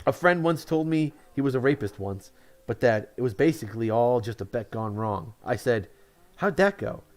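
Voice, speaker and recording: A man's voice: medium pitch, normal speed, darkish tone. A man from Connecticut telling one-liner jokes, chuckling at his own punchlines and commenting offhandedly on them. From Connecticut, USA. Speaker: comedian.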